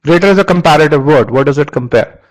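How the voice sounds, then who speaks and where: A man's voice: on the high side, fast talker, poor audio. A man teaching a live online webinar, often repeating words as he restarts and quizzing his audience. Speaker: online course instructor.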